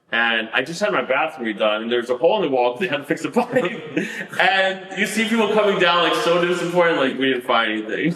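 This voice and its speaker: A man recounts his story as a podcast guest, rambling and stacking fillers as he goes. His voice is bright and forceful, and it rings a little in a roomy space. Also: fairly high pitch. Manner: rambling, many "like" fillers, laughs at the absurdity. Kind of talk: storytelling in a casual interview.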